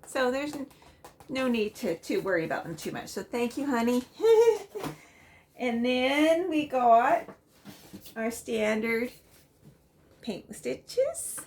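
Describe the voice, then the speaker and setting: A woman's voice: fairly high pitch, animated, slow, a little mellow. A middle-aged woman chatting casually at home as a cross-stitch vlogger, rambling with frequent ums and small laughs. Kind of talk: casual chatty show-and-tell.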